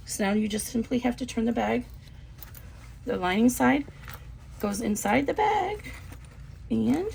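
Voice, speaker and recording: A woman casually explaining a sewing project step by step, relaxed and chatty with frequent ums. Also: mid-range voice, creaky, a little hiss or hum. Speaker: sewing instructor. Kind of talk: casual craft tutorial.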